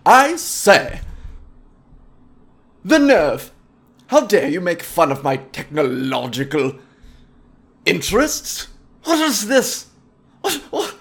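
A man voicing a pompous, snobbish gentleman who is indignant about his phones and speaks with affected old-fashioned indignation. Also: sits high, sing-song, slow pace, long pauses, full character voice.

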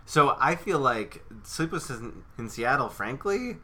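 A man's voice: mid-range voice, big pitch swings, measured pace, pushed and bright. A man co-hosting a casual movie chat, wry and playful, often breaking into laughter. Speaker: podcast co-host.

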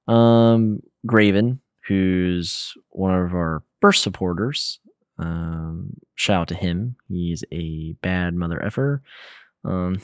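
A young man co-hosting a casual gaming podcast, rambling in a relaxed way with lots of fillers and slang. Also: low-pitched, no room sound, studio quality. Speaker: podcast co-host.

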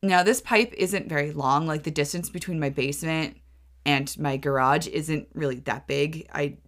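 Young woman host, casual storyteller, scattered and exasperated, voice a bit low. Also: moderate pace. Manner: rambling, self-correcting, exasperated. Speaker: podcast host.

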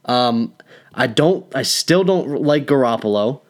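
A young man co-hosting a sports podcast in a loose, conversational way. He's opinionated and laughs easily, with a voice that sits in a mid-range pitch. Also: animated, unhurried. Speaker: podcast co-host. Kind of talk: casual sports chat.

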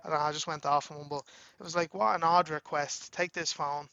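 Irish man, bright voice, slightly high, rambling storyteller, casual podcast chat. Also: fairly even intonation, a little fast, vocal fry, lo-fi sound. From Ireland. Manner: rambling storyteller acting out both sides of a dialogue, filler-heavy. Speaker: podcast co-host. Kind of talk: casual anecdote among friends.

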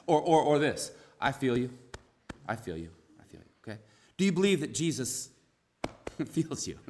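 A man preaching a conversational sermon, earnest, repeating key phrases and dropping to a soft hush for emphasis. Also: mid-range voice.

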